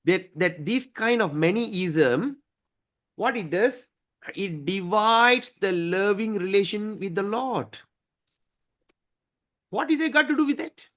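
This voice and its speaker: Animated man teaching scripture. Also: high-pitched, takes it slowly, pauses often. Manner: emphatic, repeats for emphasis, clears throat often. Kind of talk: devotional class.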